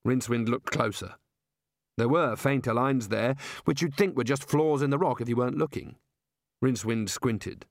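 A man narrating an audiobook in a wry, deadpan manner, close to the mic. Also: mid-range voice, no echo.

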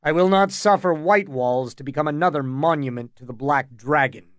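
A man's voice: on the high side, moderate pace, dry recording, studio quality, close to an everyday voice. A man voicing a cold, commanding older lord with an icy, contemptuous manner in an audiobook.

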